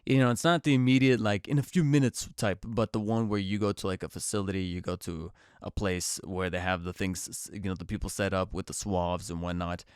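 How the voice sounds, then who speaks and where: A man hosts his podcast in loose, rambling solo chat, full of ums and false starts. His lowish voice sounds smooth and clear despite a congested, slightly nasal edge from a cold. The close mic makes it dry, with no room sound. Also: fairly even intonation, brisk, hardly any pauses, darkish tone, no echo. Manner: rambling, chatty, many fillers and restarts. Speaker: podcast host. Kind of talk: casual solo podcast talk.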